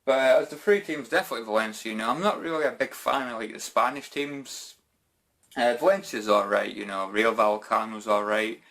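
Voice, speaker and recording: Speaking briskly in a mid-range, slightly bright voice, this Scottish YouTube gaming channel host chats informally while answering viewer questions in a vlog. "Bloody" and "mate" come up often in his casual talk.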